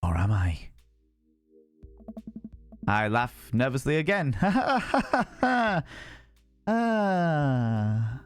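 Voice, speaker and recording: A man's voice: mid-range voice, drawn-out words, pauses often, clear, resonant tone, soft background music. Sweary guy streaming a game. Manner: animated, sweary, reads game text aloud. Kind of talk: casual gameplay commentary.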